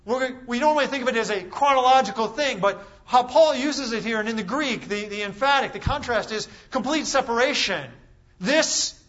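A man delivers a sermon in a high, bright, forceful voice. He preaches with emphasis, asks the room rhetorical questions and leans on dramatic pauses. The recording is slightly dull and lo-fi.

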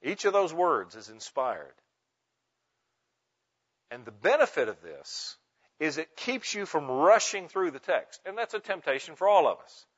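Male preacher, emphatic, stresses single words, slightly high voice, muffled recording. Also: sing-song, unhurried, a bit bright, husky. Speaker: preacher teaching pastors. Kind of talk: sermon teaching on Bible meditation. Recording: muffled lo-fi sound.

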